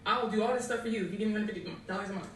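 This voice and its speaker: A woman's voice: medium pitch, racing, fairly bright tone, recorded from a distance, slight background noise. A woman in her thirties recounting her own story in a rambling, emotional way, recorded off mic in an echoey room. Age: 30s. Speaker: YouTuber in a played clip. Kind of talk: casual storytelling.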